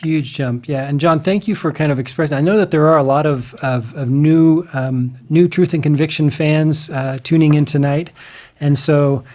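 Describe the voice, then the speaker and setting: A man hosting a livestream in a casual, halting way, with many fillers and restarts. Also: on the high side, a little mellow. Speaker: livestream host.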